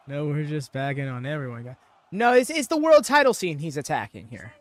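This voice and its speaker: Lively casual man reacting live. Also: a little high, brisk, no echo. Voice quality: casual, laughing, chatty. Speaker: watchalong host.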